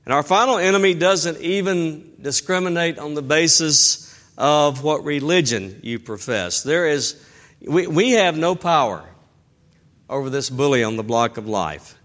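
Emphatic male preacher, slightly high voice. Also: expressive, fairly bright tone. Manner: emphatic, slows down on key phrases. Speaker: pastor. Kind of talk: sermon.

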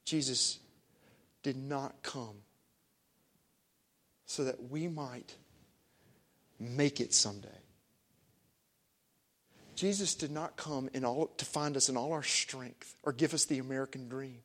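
A man preaching a sermon, telling a story with a voice that swings from hushed to emphatic. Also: mid-range voice, slow, pauses often. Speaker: pastor. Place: church sanctuary.

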